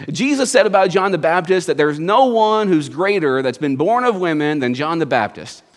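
A man's voice: on the high side, animated, moderate pace. A man preaching a sermon to his congregation in a folksy storytelling manner, with jokes and asides. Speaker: pastor.

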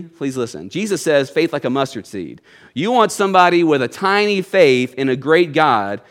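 A man preaching a sermon in a church, talking conversationally, often checking in with the congregation and dropping into soft low asides. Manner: conversational preaching, asks the congregation "you see?".

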